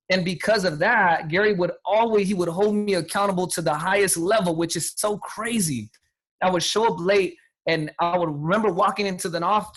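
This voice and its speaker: A man in his thirties telling a motivational life story, energetic and repetitive, often acting out what others said. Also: high-pitched. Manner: energetic, repetitive, quotes people in acted voices. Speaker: guest speaker.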